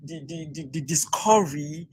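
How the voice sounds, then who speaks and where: A man's voice: on the high side, moderate pace, husky. A man talking in a wordy, stammering way in a live-stream debate, often apologizing and restarting.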